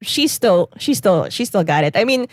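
A woman's voice: medium pitch, very animated, normal speed, no echo. Gal chatting about a film with her cohost, dry close mic, lots of likes and literallys. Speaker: podcast co-host. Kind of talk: casual movie review chat.

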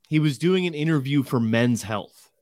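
A man's voice: mid-range voice, lively intonation, a little slow, a little mellow, no echo. A man on a podcast chat making sarcastic remarks. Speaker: podcast co-host. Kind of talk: casual chat.

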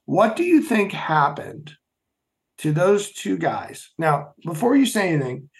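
A middle-aged man telling stories as an interview guest, emphatic and animated, often asking rhetorical questions. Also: high voice, measured pace. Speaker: podcast guest, former Navy SEAL. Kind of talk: storytelling interview.

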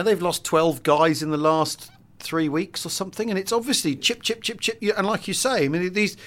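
A man co-hosting a relaxed history podcast. His voice sits a little high, and he talks in a loose, rambling way, restarting his sentences and filling the gaps with "you know" and "um". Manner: rambling, many restarts and fillers. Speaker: podcast co-host. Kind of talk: casual history chat.

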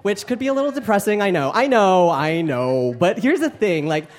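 A man's voice: sits high, very animated, moderate pace. Campy young man doing stand-up. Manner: campy, playful, self-mocking. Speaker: stand-up comedian. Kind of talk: stand-up comedy set. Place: comedy club stage. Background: audience laughter.

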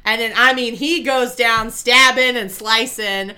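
A young adult woman casually retelling a movie plot to a co-host, talking in an animated way, full of "like" and "okay?". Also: fairly high pitch, measured pace. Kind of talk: casual chat.

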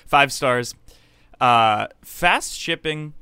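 A man reads reviews aloud and improvises with a dry, deadpan manner. His voice sits at a middle pitch. The recording is close and dry. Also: a little slow, clean tone, no room sound. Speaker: comedy podcast co-host. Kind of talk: improv comedy, reading reviews.

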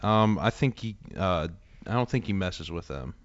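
A man's voice: deep voice, lively intonation, moderate pace. A man co-hosting a podcast, giving laid-back, brief replies in casual chat. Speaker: co-host. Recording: dull, slightly lo-fi sound.

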